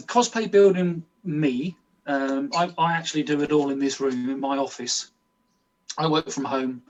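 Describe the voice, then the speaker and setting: A man's voice: medium pitch, dull audio. A man in his late fifties, a guest chatting casually over a video call from his home office, easygoing and rambling. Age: 50s. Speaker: guest cosplayer. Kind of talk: casual livestream chat.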